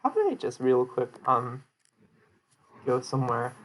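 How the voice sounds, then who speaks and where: A young man talking through a presentation he gave in a loose, casual way. His pitch sits in an ordinary middle range, and his explanations wander, full of "um" and "like" and restarts. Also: animated, moderate pace, fairly bright tone. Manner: rambling with many fillers and restarts. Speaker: streamer giving a presentation recap. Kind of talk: casual chat.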